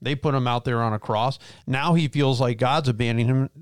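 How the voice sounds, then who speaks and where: Pastor guy rambling on his podcast, mid pitch, kinda jokey, dead dry sound. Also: fairly even intonation, brisk, clean tone, no room sound. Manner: rambling, chatty, joking. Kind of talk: casual faith podcast chat.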